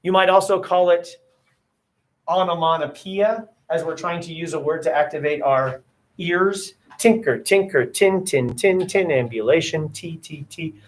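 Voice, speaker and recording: A man's voice: a little high, unhurried. A man teaching an English class, sounding out letters aloud and quizzing his students as he goes. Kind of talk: classroom lecture. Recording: roomy classroom echo.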